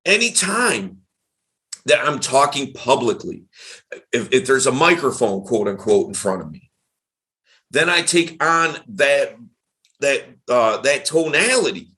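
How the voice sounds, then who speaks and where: Male podcast host, middle-aged, lively swooping delivery, bright forward tone, emphatic. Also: mid-range voice, unhurried, long pauses. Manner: animated, emphatic, varied tonality. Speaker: dating coach, podcast host. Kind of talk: casual podcast chat.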